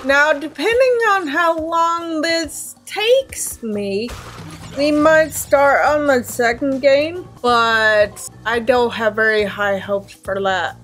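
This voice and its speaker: A woman's voice: sits high, takes it slowly, a bit bright, faint music behind. A young woman commentating her gameplay in a casual, anxious way, exclaiming and repeating herself often. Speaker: let's play gamer.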